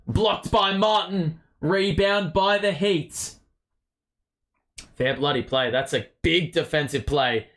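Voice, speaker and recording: A man calls a game as a partisan fan, his fairly high voice rising into excited shouts on big plays and dropping low and muttered in lulls. He swears freely and talks straight into a desk mic. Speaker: host of a fan watchalong stream. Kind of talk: fan play-by-play commentary.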